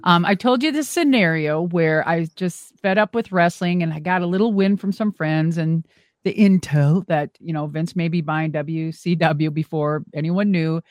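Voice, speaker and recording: A middle-aged woman, a former wrestler and monster truck driver, telling animated stories as a guest and swearing freely. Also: on the low side, normal speed, no room sound. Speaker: interview guest. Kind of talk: casual storytelling.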